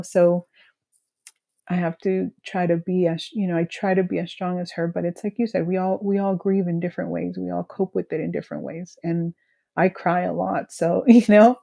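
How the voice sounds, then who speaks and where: A woman in her thirties from California, speaking haltingly about her grief as a guest, full of "you know" fillers. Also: fairly low pitch, vocal fry, warm tone. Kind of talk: emotional personal conversation.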